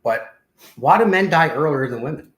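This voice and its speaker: A man's voice: fairly high pitch, lively intonation, normal speed. A middle-aged man with a New Jersey accent hosting a podcast, telling teasing jokes in casual banter. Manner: joking, teasing, playful storyteller. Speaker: podcast host. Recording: echoey room.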